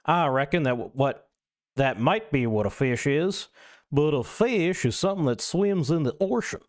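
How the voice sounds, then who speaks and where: A man's voice: a little high, animated, moderate pace, natural voice. A man voicing a stubborn, blunt country man with a big beard, read aloud within an essay. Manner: blunt, condescending.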